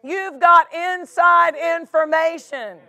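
A woman's voice: very high-pitched, fairly even intonation, takes it slowly, pushed and bright, no echo. A woman pastor preaching a sermon, emphatic and repeating phrases for stress.

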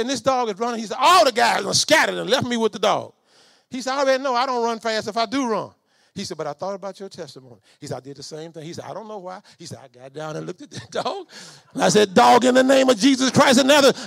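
A middle-aged man preaching a storytelling sermon. His voice sits high and has a gravelly fry to it. The sound is close and dry, and he jumps from quiet asides to shouted commands. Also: no echo. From Southern United States. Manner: animated, swings from low asides to shouted commands.

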